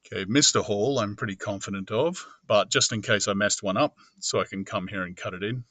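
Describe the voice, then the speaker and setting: A man's voice: on the low side, fairly quick, few pauses, fairly bright tone, no echo. A man narrating audiobooks who talks casually and mutters to himself while he edits his recordings.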